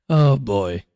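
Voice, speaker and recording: A man's voice: medium pitch, dark tone, no echo, clean studio sound. A man hosting a live sports stream, chatting casually and calling the plays as he watches. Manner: chatty, rambling, quick to laugh.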